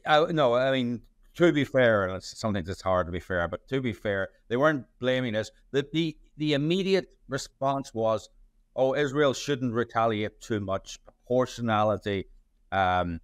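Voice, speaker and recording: A man's voice: mid-range voice, expressive, moderate pace, few pauses, smooth, no room sound, clean studio sound. A man, a journalist answering interview questions in a rambling way, full of restarts and fillers. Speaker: journalist and playwright.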